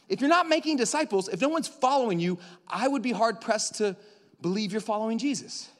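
A young man in his twenties preaching a sermon as pastor in a church, animated, swinging between loud excited bursts and quiet intimate passages. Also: very high-pitched, a little fast. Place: church sanctuary. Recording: long hall reverb.

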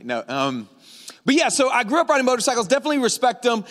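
A pastor from Louisiana preaches into a stage microphone, loose and playful as he tells a road-trip story. His voice sits high, and a long hall reverb rings behind him. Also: fast talker. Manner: casual, joking, animated storyteller. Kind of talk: sermon with storytelling. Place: large church auditorium.

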